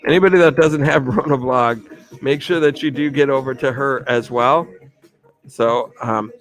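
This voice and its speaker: A man hosting a live stream, giving rambling, enthusiastic shout-outs to viewers. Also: mid-range voice, moderate pace. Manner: enthusiastic, rambling, repeats himself. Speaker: livestream host. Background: faint music.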